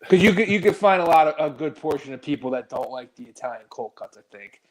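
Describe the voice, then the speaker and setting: A man's voice: a little high, animated, quick pace, poor audio. A man in casual chat, wry and offhand, who restarts his sentences and swears casually.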